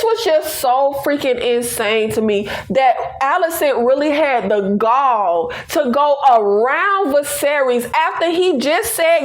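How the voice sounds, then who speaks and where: A high-pitched woman with a very lively, swooping voice chats through a TV recap. She laughs often and speaks in an animated, slangy, playful way, with in her talk. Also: slow, hardly any pauses. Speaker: TV recap reviewer. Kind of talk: casual review chat.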